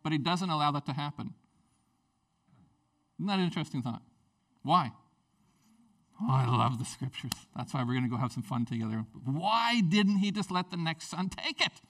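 A young man preaching a candid sermon as pastor, swinging from quiet asides to near-shouting. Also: on the high side, expressive, moderate pace, pauses often, recorded from a distance.

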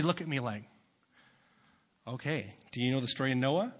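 Bright-voiced young preacher man. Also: mid-range voice, animated, normal speed, pauses often. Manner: swings from quiet asides to loud, fervent preaching. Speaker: youth pastor. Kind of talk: sermon.

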